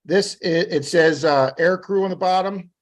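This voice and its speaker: A man from Florida, a metal detecting guest, telling rambling, animated stories and acting out what people said. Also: high voice, normal speed. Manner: rambling, animated anecdotes with acted-out quotes. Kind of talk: casual storytelling on a live podcast.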